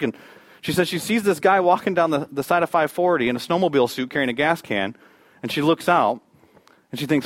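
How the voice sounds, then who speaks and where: A man's voice: quick pace, no room sound. Storytelling male pastor, dry sound. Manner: storytelling, rising loud and high at emotional peaks, dropping to a hush. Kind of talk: sermon.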